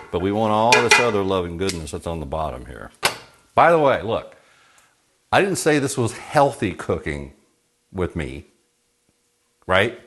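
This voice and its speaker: Heavy background noise surrounds a fairly low male voice. He's a Texan cooking at home, walking through a recipe in a joking, folksy way as bacon sizzles and fries in the pan.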